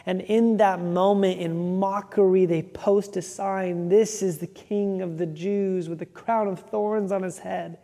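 Gravelly, flat-toned preacher in a hall. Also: medium pitch, unhurried, hardly any pauses. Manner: emphatic with rhythmic repetition. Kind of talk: sermon.

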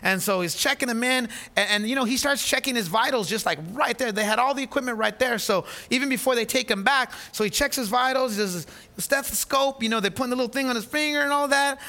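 A man in his thirties, a pastor preaching a sermon and telling a story with lively, animated delivery, often repeating words as he restarts. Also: extremely high pitch, fast.

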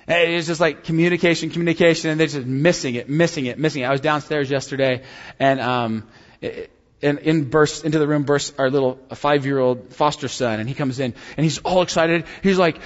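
Pastor preaching in a reverberant hall. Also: male voice, fairly high pitch, brisk. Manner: conversational storytelling, repeats key lines for emphasis. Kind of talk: sermon. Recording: dull sound with long hall reverb.

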